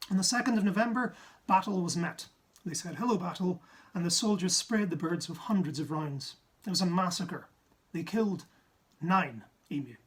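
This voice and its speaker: Husky man from Ireland, comic science talk, quick asides, big pitch jumps. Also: a bit bright. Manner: jokey, with sudden asides and pitch jumps for effect. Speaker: science comedian.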